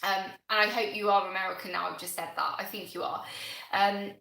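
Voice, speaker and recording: A woman's voice: mid-range voice, level tone, a little fast, gravelly, pushed and bright, roomy sound, poor audio. A woman with a Bristolian accent, hosting a casual gardening live stream, chatting on and thanking viewers by name. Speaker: gardening channel host.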